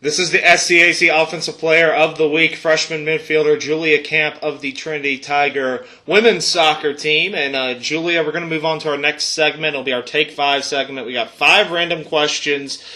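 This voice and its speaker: A man hosts a college sports interview, with upbeat, playful lead-ins and a casual question round. His voice sits fairly high for a man and has a bright, forward edge. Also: steady tone, normal speed, few pauses.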